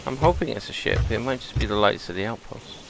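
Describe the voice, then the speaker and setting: A man's voice: medium pitch, fast, creaky, background noise. A man hosting a gaming video, chatting casually and thinking aloud as he plays. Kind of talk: relaxed gameplay commentary.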